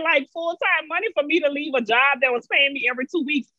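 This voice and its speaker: A woman's voice: high-pitched, expressive, fairly quick, hardly any pauses, sharp tone, dry recording, lo-fi sound. A woman from Louisiana with a Louisiana accent, telling her story as a podcast guest in a folksy, laughing way. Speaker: guest, business owner. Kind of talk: casual interview chat.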